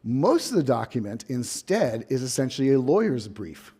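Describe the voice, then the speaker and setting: A man lecturing in a hall as a visiting professor, his voice mellow and warm in tone. He talks through history like a story, leaning on key words and slipping in dry, wry asides. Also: mid-range voice, big pitch swings, normal speed, husky. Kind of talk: academic lecture.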